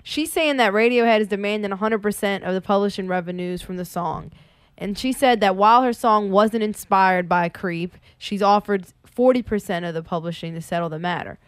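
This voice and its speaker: A woman's voice: mid-range voice, brisk, clean tone, dry recording, studio quality. A woman co-hosting a casual talk show, blunt and argumentative, swearing freely. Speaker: podcast co-host. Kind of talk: casual radio-show banter.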